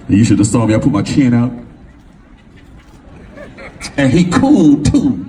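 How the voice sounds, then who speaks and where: A middle-aged man from California, a motivational speaker telling a personal story to a live audience in an animated, slangy way, acting out the voices of the people in it. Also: medium pitch, unhurried, pauses often. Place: event venue before an audience. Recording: distant mic with faint room noise.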